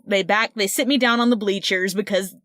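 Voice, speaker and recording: A woman co-host tells a story in casual chat, her voice at an ordinary pitch. She gets excited and laughs, often restarting her sentences. The mic sound is close and dry. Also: brisk, dry recording. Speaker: podcast co-host.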